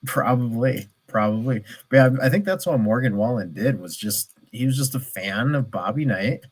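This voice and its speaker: A man co-hosting a podcast in casual chat, easygoing and quick to laugh. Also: mid-range voice, expressive, slightly rough. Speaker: podcast co-host.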